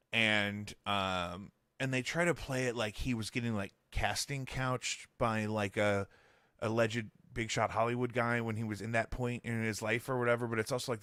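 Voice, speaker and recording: A man's voice: fairly low pitch, steady tone, normal speed, bright, forceful tone, no echo. A man hosting a podcast in casual chat, rambling and joking with lots of fillers. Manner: rambling, jokey, full of fillers. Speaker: podcast host.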